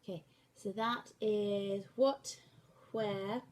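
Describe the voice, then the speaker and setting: A woman teaching a sign language class in a slow, patient way, often checking in with "okay". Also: medium pitch, fairly even intonation, darkish tone. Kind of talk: classroom lesson.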